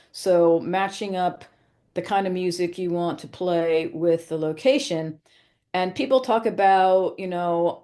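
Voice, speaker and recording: A woman's voice: fairly low pitch, warm tone. A woman flutist being interviewed on a podcast, explaining things in an informative, conversational way with occasional ums. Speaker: flutist guest.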